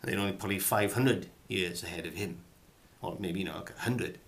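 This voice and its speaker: Rambling middle-aged actor, low voice. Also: male voice, a little fast, fairly bright tone. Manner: rambling, hesitant, theatrical. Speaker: comic host giving acting advice. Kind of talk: deadpan comic monologue.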